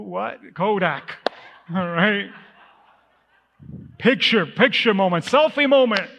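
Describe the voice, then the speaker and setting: A male pastor telling a story in a sermon, with a chatty, storytelling delivery full of asides. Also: high voice. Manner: conversational, storytelling with asides and laughs. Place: church sanctuary. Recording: muffled sound with long hall reverb.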